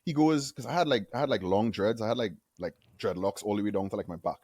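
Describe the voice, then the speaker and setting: A man in his forties from Trinidad with a Trinidadian accent, a guest telling stories in a casual interview, self-deprecating and quick to laugh. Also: on the low side, breathy edge, no room sound, clean studio sound. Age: 40s. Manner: animated storyteller, self-deprecating, laughs often.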